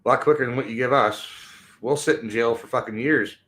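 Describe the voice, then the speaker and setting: A man, delivering an angry, profane rant that swings between shouted bursts and low mutters. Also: fairly quick. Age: 50s. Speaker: show host.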